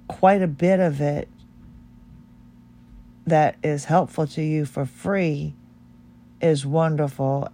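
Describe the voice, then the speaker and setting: A woman's voice: low voice, warm tone. Woman, middle-aged, podcast host, heartfelt, rambling, candid monologue. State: tearful.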